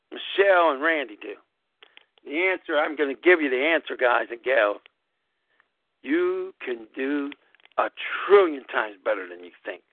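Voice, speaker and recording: A man hosting a live podcast, giving an emphatic, preachy motivational talk that repeats phrases and swings sharply up and down in pitch. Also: dry recording. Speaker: host of a gaming club podcast. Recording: dry, tinny phone-like audio.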